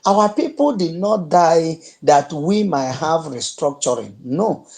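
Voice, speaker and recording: A man's voice: fairly high pitch, very animated, slow, a little mellow. A man giving an impassioned speech in an online audio room, solemn and declaiming in repeated refrains.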